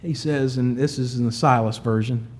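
A man preaching a sermon, moving from quiet, low storytelling to loud, emphatic high peaks. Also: fairly even intonation, normal speed. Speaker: pastor.

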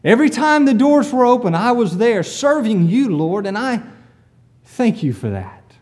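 Man doing a smug self-righteous churchgoer, high voice, boastful prayer, lively pitch. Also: normal speed. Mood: smug pious.

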